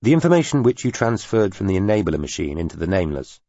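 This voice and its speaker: A man's voice: low voice, very animated, dark tone, dry recording, lo-fi sound, heavily acted. A man playing a patient, probing envoy. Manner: measured, questioning. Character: patient human male envoy, quiet and probing.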